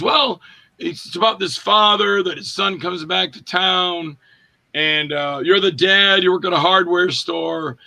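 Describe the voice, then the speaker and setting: A man in his fifties with a high, creaky voice, an actor, tells stories in a casual interview. He's animated and acts out quotes in different voices.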